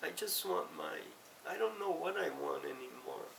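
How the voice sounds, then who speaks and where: A middle-aged woman giving a halting, emotional personal confession, close to tears and often correcting herself. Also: low-pitched, wildly swooping pitch, gravelly. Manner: halting, tearful, self-correcting. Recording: roomy, distant mic, faint hiss.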